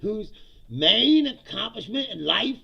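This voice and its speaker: A man's voice: high voice, sing-song, slow, gravelly, sharp tone, breathy edge, highs cut off. A man hosting a political comedy show, ranting sarcastically and with lots of swearing in casual livestream commentary while reading out chat comments.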